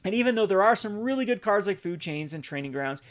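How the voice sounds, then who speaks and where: A man's voice: high voice, expressive, fast. A man hosting casual market commentary, rambling with many restarts and exasperated asides. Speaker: channel host.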